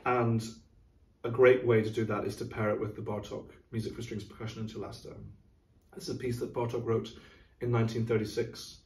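Brisk and level, with a darkish mid-range voice, a middle-aged man resembling a music director chats casually about classical music, explaining thoughtfully and singing rhythms. A distant, somewhat off mic picks up room echo.

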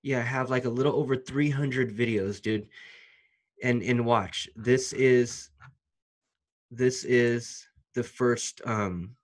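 A man talking casually to camera in a vlog, excited and slangy, calling the viewer "dude" and restarting his sentences. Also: medium pitch, takes it slowly. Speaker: YouTuber.

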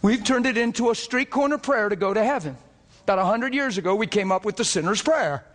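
A man preaching a sermon, fervent and earnest, often breaking into laughter as he gets excited. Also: high-pitched, a little fast, big-room sound.

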